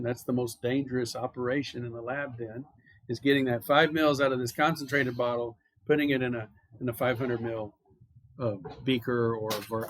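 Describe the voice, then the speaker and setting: A man's voice: medium pitch, a bit bright. A male chemistry instructor giving a university classroom lecture, explaining calculations step by step in a conversational way. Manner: explanatory and conversational, talks students through steps.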